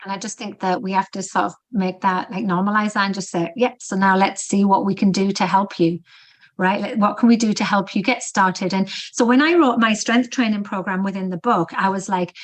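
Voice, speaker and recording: Animated woman telling coaching stories. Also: medium pitch, a little fast. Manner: animated storyteller, acting out quotes. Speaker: guest author and fitness coach. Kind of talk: conversational podcast interview.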